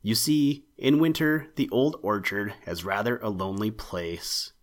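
A man's voice: on the low side, measured pace, lightly acted. A man reading the part of a young male rabbit who asks eager, innocent questions. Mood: polite. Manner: eager, wide-eyed questioning.

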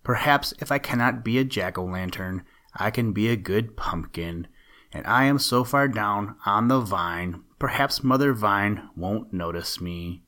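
A man's voice: fairly low pitch, measured pace, pushed and bright. A man voicing a young, eager little male pumpkin who is anxious and earnest, in a storybook reading. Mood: worried.

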